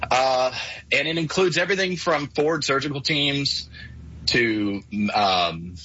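A man calling in to a radio talk show, explaining his points at length in an earnest, measured way. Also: medium pitch, bright, forceful tone, husky. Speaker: caller. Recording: dull lo-fi call audio.

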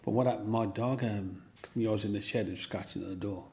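An older man, telling personal stories in a rambling, animated way and acting out the voices in them. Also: fairly low pitch, a little fast, slight background noise. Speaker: interviewee. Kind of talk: personal storytelling.

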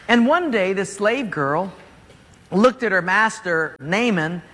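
Animated pastor in an echoing hall. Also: male voice, high voice, takes it slowly, slight background noise. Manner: animated storytelling with jokes. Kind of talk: sermon.

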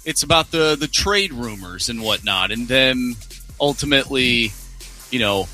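Very bright, animated radio co-host. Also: male voice, mid-range voice, faint music behind. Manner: joking, quick to chime in. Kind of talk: casual sports talk. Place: radio studio.

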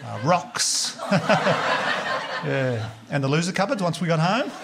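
A man doing stand-up comedy, telling sweary, animated stories and slipping into voices for the people in them. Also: a little high, a little slow, vocal fry, very noisy. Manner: animated, sweary storytelling with put-on quoted voices.

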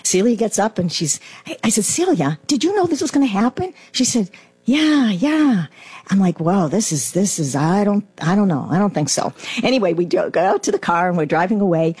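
A middle-aged woman giving a lively personal testimony, acting out her own past reactions as she tells it. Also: lowish voice, a little fast, breathy edge, no echo. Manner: animated storyteller, acts out her past self. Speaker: guest.

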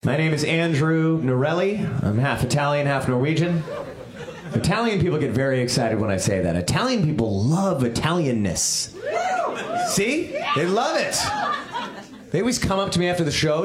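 Lively high male comic, echoey room. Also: normal speed. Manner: does exaggerated impressions. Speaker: stand-up comedian. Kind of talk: stand-up routine. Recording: echoey room, loud crowd.

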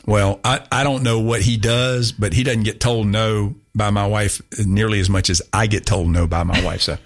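Chatty low-voiced male talk host. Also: fairly even intonation, moderate pace. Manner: chatty, rambling, self-mocking, frequent restarts. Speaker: radio show host. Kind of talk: casual talk radio chat.

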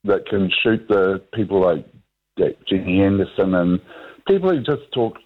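A man's voice: low-pitched, expressive, moderate pace. A man calling in to a talkback radio show, rambling and hesitant, with lots of ums and restarts. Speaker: radio caller. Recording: phone line.

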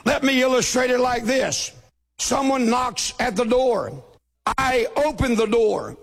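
A man preaching a sermon, with a shouting preacher's cadence, acting out the voices he quotes. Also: very high-pitched, unhurried, vocal fry. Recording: long hall reverb.

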